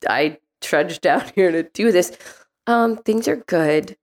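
Low, gravelly woman teasing her co-host. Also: unhurried, a little mellow. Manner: dry, teasing jokes. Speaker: guest host. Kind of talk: casual podcast chat. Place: New York.

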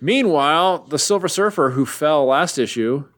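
A man's voice: fairly high pitch, lively intonation, moderate pace, a bit bright. A young man casually retelling a comic book plot, rambling with lots of fillers and offhand jokes. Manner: rambling, filler-heavy, joking.

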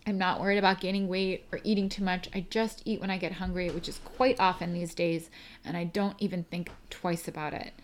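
A woman's voice: fairly low pitch, fairly even intonation, fairly quick, a little hiss or hum. A young adult woman hosting a podcast, reading a listener email aloud and chatting in a rambling, emotional way, laughing through tears. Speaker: podcast host.

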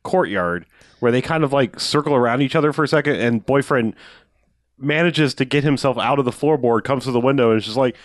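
A man retelling a film's plot in a relaxed, rambling way, full of "like" and "um" and stopping to correct himself. His voice sits at a middle pitch, recorded close and dry. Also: brisk, no room sound. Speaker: podcast co-host. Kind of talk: casual film recap chat.

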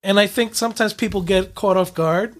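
A man's voice: high-pitched, a little fast. A man co-hosting a podcast, chatting in an easygoing way with lots of fillers and giggles. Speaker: podcast co-host. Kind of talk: casual chat.

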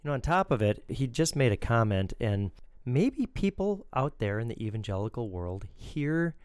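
A man's voice: mid-range voice, big pitch swings, moderate pace, darkish tone, smooth, no echo. A man, a Lutheran pastor co-hosting a show, explaining scripture and critiquing a sermon in a teacherly way.

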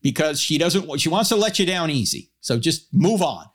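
A man with a fairly high voice delivers a lively public talk on theology. He swings his pace and pitch for emphasis and mixes in humorous storytelling. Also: moderate pace. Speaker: Christian apologist speaker.

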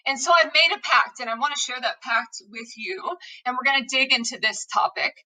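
A woman's voice: sits high, fairly quick, sharp tone, recorded from a distance, poor audio. A woman hosting a podcast, giving an earnest, impassioned opening monologue and repeating her calls to action. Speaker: podcast host.

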